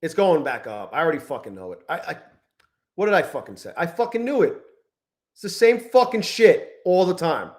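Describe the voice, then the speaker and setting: On a trading livestream, a high-voiced futures trader yells profanely at his charts, speaking briskly with big pitch swings. Frustrated and angry, he alternates between muttering and outright shouting.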